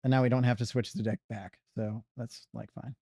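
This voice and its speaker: A man's voice: mid-range voice, little pitch movement, brisk, warm tone, no echo, clean studio sound. A man giving casual commentary on his own speedrun, muttering and thinking aloud as he plays from his couch. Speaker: speedrunner streamer. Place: living room on couch.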